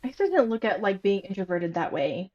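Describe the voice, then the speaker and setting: Animated woman guest on a dull recording. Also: medium pitch, fairly quick. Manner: animated storytelling, frequent fillers. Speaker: podcast guest. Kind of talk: casual conversational interview.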